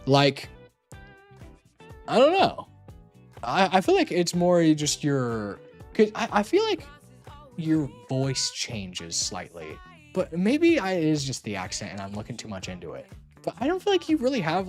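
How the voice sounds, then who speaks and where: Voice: mid-range voice, huge pitch swings, moderate pace, faint music behind. A streamer chatting casually on a call, rambling and teasing playfully with lots of filler words.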